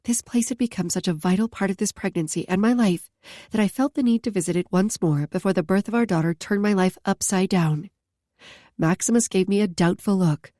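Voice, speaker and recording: A woman narrating a first-person romance audiobook in a calm, steady way. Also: medium pitch, a little fast, no echo, studio quality.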